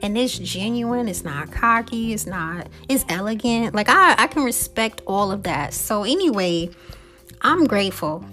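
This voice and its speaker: A woman's voice: medium pitch, animated, a little slow, bright, forceful tone, faint music behind. Chatty woman podcaster, conversational. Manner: chatty, conversational, laughs often, repeats phrases. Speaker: podcast host. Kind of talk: casual reflective monologue.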